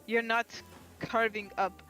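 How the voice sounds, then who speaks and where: A woman doing a gruff male killer in a silly accent. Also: level tone, takes it slowly, a bit bright, faint music behind. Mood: grumbling. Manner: put-on silly accent, low and grumbling. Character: gruff male killer, proud of his cleaver.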